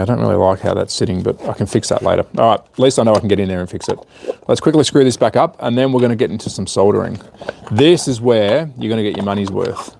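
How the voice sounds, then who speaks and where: A man's voice: fairly low pitch, creaky, a little mellow, a little hiss or hum. A man chatting casually on a live stream while repairing a small device, muttering to himself as he works. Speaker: hobby livestreamer.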